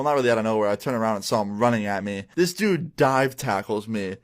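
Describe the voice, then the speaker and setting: A young man casually narrating a story, laid-back and slangy, acting out the voices of the people in it. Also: medium pitch.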